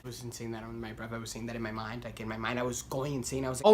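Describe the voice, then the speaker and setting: A young man vlogging, telling a story casually and rambling with lots of "like" fillers, getting animated as he goes. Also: mid-range voice, rapid-fire, hardly any pauses. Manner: rambling, heavy use of "like", self-deprecating; animated, voice climbs when worked up.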